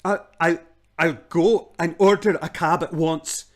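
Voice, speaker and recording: A man voicing a nervous, fawning old gentleman magician who stammers, in a storybook read-aloud. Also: high voice, animated, normal speed, pitched above the performer's own voice.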